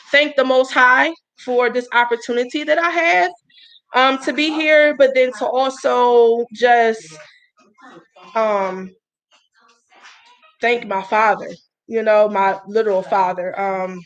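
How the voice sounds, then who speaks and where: A young woman casually hosting a livestream, chatty and spiritual, pausing with sighs as she talks. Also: on the high side, a bit bright, rough recording. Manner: chatty, spiritual, gets emotional with sighs and pauses. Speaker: livestream host, herbal brand founder.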